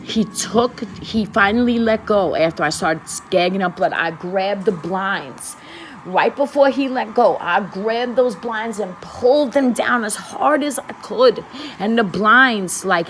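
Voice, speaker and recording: A woman's voice: mid-range voice, a little slow, a little hiss or hum. A woman, speaking straight to her viewers in a casual, confessional storytelling vlog, emphatic and repeating herself for weight. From the Bronx, New York. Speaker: vlogger.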